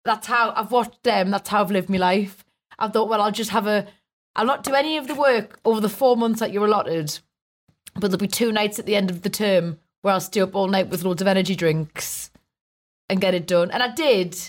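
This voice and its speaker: A woman's voice: medium pitch, fairly quick. A woman co-hosting a comedy podcast, telling stories in a chatty, giggly way. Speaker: podcast co-host. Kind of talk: casual chat.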